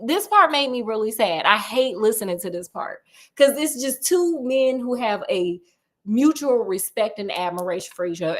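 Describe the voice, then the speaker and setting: Animated, jokey woman storyteller. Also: a little high. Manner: animated, jokey, slangy asides. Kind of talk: casual story retelling.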